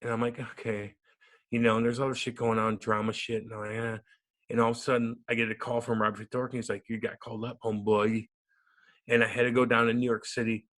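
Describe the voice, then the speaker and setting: Thirties male guest: animated, profane yarn-spinner, medium pitch. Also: quick pace. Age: 30s. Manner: animated, profane, acts out quotes. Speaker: podcast guest, former hockey player. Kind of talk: casual storytelling interview.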